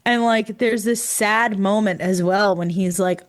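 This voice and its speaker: A tired woman co-hosting a podcast in casual chat, excited and laughing often. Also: mid-range voice. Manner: excited, laughs often, puts on quick character voices. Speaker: podcast co-host.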